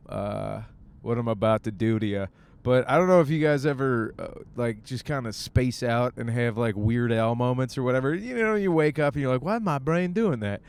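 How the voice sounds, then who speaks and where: A young stand-up comic from Michigan hosts a casual podcast alone in his car on the way to the gym, rambling, riffing and acting out bits. His mid-range voice is smooth and a little mellow.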